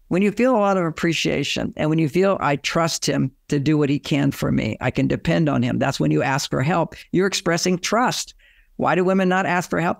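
An older man giving relationship advice through lively personal stories, often acting out both sides of a conversation. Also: on the high side, gravelly, no room sound, studio quality. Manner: animated storyteller, acts out dialogue. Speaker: relationship author and guest.

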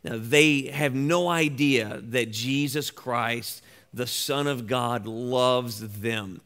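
Pastor guy chatting to his church between songs, loose and rambly, lots of uhs, mid-pitched voice. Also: takes it slowly, fairly bright tone, clear, resonant tone. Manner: conversational, storytelling with many fillers. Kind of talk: informal sermon remarks. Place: church sanctuary.

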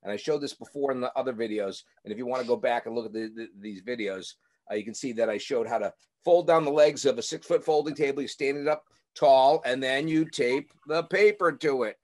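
A man's voice: medium pitch, fairly quick, darkish tone, poor audio. A man from Massachusetts giving a friendly step-by-step drawing lesson to kids over a webcam. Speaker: illustrator teaching drawing. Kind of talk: drawing lesson on a video call.

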